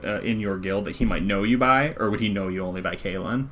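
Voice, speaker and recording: A man's voice: fairly low pitch, fast, a bit bright, a little hiss or hum. A man narrating a tabletop game as game master in a casual, rambling way. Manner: casual, filler-heavy, conversational.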